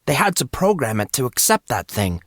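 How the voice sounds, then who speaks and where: A man's voice: medium pitch, very animated, a little fast, a bit bright, dry recording, studio quality. A man voicing a brash, cocky teenage boy who talks in a teasing, exasperated way.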